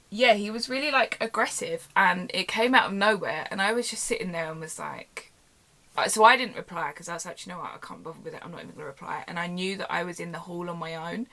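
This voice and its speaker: Young woman, storytime vlog, bright tense voice, lowish pitch, chatty, recorded on a tripod camera at home. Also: fast, gravelly. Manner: chatty, animated retelling with quoted dialogue. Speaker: YouTuber. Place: home bedroom.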